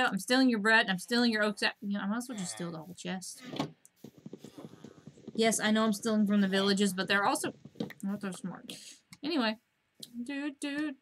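A woman streaming a game at home, chatting to herself in a rambling, casual way and breaking into excited squeals at the animals. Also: moderate pace, long pauses, slight background noise. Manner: rambling, self-talking, bursts of high squeals at animals.

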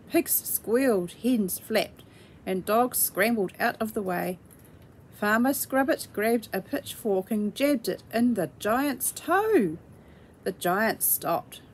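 A woman reading a children's storybook aloud in a gentle, measured way. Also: a little high, lively intonation, slight background noise.

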